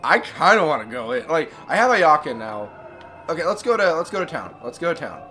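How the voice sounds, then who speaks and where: Rambling, animated gaming streamer man. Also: on the high side, a little fast, soft background music. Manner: rambling, self-correcting. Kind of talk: casual let's-play commentary.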